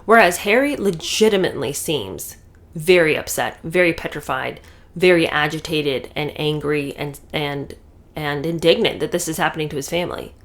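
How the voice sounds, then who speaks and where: A woman's voice: low-pitched, normal speed. A woman giving casual, sarcastic commentary, talking animatedly with many fillers and restarts.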